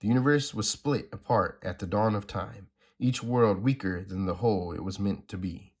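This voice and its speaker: Guy reading solemn old cosmic guardian, low, measured, kinda tired. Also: natural voice. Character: ancient dying cosmic guardian, solemn and weary.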